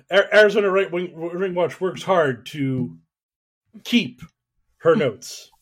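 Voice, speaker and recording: A man's voice: sits high, expressive, takes it slowly. A man hosting a podcast, ranting about politics in an emphatic, profane, exasperated way, with a voice he calls whiny. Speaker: podcast host.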